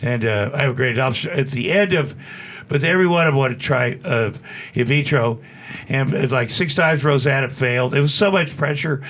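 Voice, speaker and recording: A man's voice: mid-range voice, moderate pace, a bit bright, slight background noise. A man in his sixties, a podcast guest, telling long rambling stories with restarts and acted-out quotes. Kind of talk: casual storytelling.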